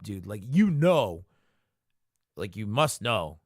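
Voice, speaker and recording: A man hosting his own podcast, talking in a loose, rambling way and cursing freely. His voice sits at an ordinary middle pitch. The sound is dry, with no room echo. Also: animated, drawn-out words, long pauses. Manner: profane, jokey, rambling commentary. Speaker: podcast host. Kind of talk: casual solo podcast recap.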